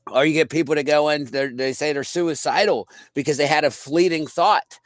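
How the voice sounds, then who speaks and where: A man from the American East Coast in casual chat, emphatic and quick to laugh. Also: on the high side, no echo, studio quality. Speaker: co-host.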